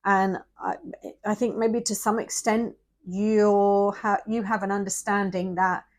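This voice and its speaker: This woman's voice sits at medium pitch with little movement and a slightly slow pace. Giving a tarot reading to the camera, she is near tears, speaks right to the viewer, and frequently sinks into a whisper in her emotional delivery.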